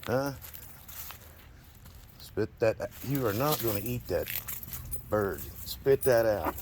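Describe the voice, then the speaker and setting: Talking to his dog outdoors near the house and garage, this owner coaxes, scolds and lets out exasperated chuckles. His lowish voice is animated and unhurried, with background noise throughout.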